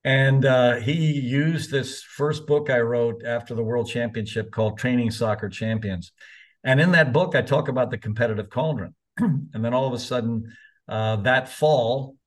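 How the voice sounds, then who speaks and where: Old guy in his 70s, coach, rambling through stories, blunt and chatty, middle pitch. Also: moderate pace. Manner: chatty, candid, mildly profane. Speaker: college soccer coach. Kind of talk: casual anecdotal storytelling.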